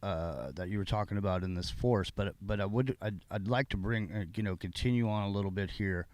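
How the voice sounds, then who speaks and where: Low-voiced man ranting on a talk show. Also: fairly quick, darkish tone, dry recording. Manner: ranting, restarts sentences often. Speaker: podcast co-host. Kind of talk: late-night political talk.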